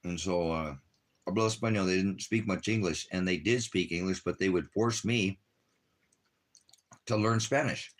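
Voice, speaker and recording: Rambling man, low voice. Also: normal speed, pauses often. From Los Angeles, United States. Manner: rambling, chatty, talks straight to viewers. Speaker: ministry livestreamer. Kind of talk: casual rambling livestream talk.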